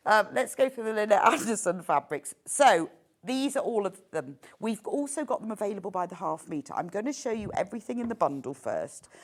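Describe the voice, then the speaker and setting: A woman presenting on a live shopping channel, her voice swooping high and low with eager delight. She gushes over each item and laughs easily, keeping the pitch lively from phrase to phrase. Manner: gushing, enthusiastic, laughs easily.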